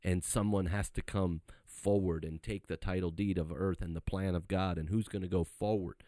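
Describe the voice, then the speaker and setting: A man's voice: sits low, fairly even intonation, moderate pace, warm tone, dry recording, clean studio sound. A man, a pastor, explaining scripture in earnest conversation and rising to fervent emphasis. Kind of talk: conversational Bible study.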